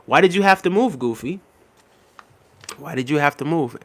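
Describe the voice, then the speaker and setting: A man hosting a spiritual live stream, casually chatting and reading viewer comments aloud, with a relaxed, easygoing delivery and frequent "right?" check-ins. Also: a little high, normal speed. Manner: relaxed, conversational, laughs often, frequent "right?" and "big up". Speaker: livestream host reading chat.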